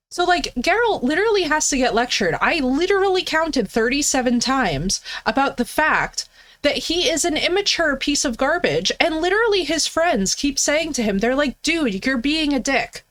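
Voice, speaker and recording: A woman game streamer ranting casually to her chat in an animated, profane, emphatic way. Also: high voice, normal speed. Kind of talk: casual livestream rant to chat.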